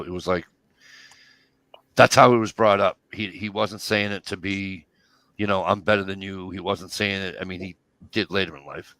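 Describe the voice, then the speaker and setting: A man with a lowish voice co-hosts a casual live chat and talks his way around a point with plenty of restarts. The sound is dry and close, with no room in it. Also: fairly bright tone, no echo. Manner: rambling, explaining with many restarts. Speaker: co-host.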